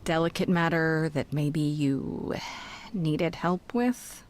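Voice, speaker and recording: An actress voicing a determined young woman muse who speaks in a measured, patient way in voiced game dialogue. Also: low-pitched, darkish tone.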